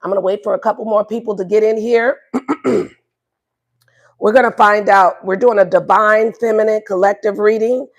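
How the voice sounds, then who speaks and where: A woman's voice: medium pitch, fairly even intonation, normal speed. A woman doing a casual livestream tarot reading, playful and profane, repeating her questions to the viewers. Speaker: tarot reader.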